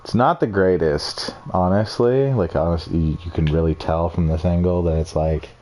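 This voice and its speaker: A man's voice: deep voice, normal speed, dark tone. A young man casually walking through his game builds, rambling, swearing freely and putting down his own work. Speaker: gamer showing off builds. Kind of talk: casual screen-recorded walkthrough.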